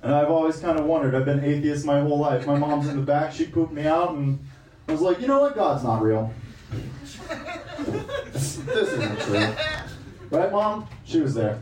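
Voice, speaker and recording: A man's voice: normal speed, reverberant, distant mic, a crowd in the background, low-quality recording. A man doing a stand-up comedy set, brash and crude in his delivery. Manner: brash, crude, loud swings in pitch.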